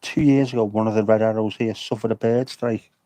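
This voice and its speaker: Jokey low-voiced man chatting. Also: fairly even intonation, a little fast, warm tone, no echo. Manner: jokey, rambling banter with chat. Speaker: vlogger livestreaming at an air show. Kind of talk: casual livestream chat. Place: outdoors at an air show.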